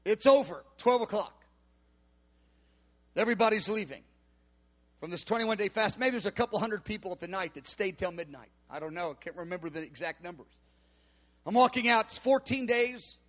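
A man preaching, telling a personal story, dropping quiet then bursting into shouts. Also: high voice. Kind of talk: sermon testimony.

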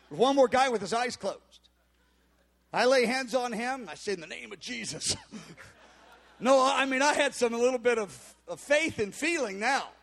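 Animated high-voiced male preacher. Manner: animated storyteller, acts out voices with sudden shouts and mutters. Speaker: pastor. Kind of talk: sermon storytelling.

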